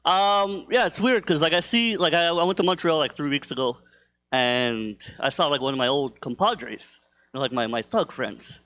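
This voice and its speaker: A young man performs stand-up in a comedy club. His voice sits a little high, and he rambles loosely through his stories, padding them with fillers and self-deprecating jokes. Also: animated, normal speed, fairly bright tone.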